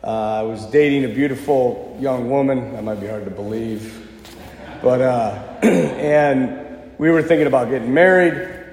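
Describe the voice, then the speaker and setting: A man in his thirties, a pastor preaching a sermon, telling a personal story in a relaxed conversational way with self-deprecating humor. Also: medium pitch, a little slow. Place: church. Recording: echoey church with long reverb.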